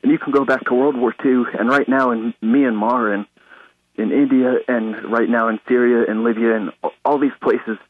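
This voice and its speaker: A man's voice: mid-range voice, steady tone, moderate pace, phone-quality sound. A man calling in to a radio talk show, nervous and rambling. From Alaska. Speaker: caller.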